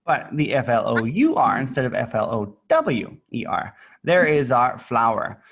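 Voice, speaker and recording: There's slight background noise as a man with a fairly bright, animated mid-range voice teaches a child English online at a measured pace. Patient and playful, he repeats words for the child to echo and adds sound effects while displaying pictures.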